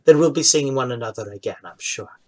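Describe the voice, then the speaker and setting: A serene woman priestess, weary and gentle, put on by a man running the game. She speaks softly and kindly. The voice stays close to a man's ordinary middle pitch, quiet and hushed. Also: lively intonation, fast talker, natural voice.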